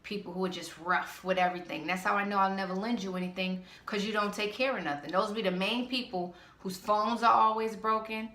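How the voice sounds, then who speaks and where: A woman's voice: mid-range voice, steady tone, fairly quick, hardly any pauses, pushed and bright, reverberant. A woman vlogger ranting in a casual monologue, blunt, sassy and exasperated.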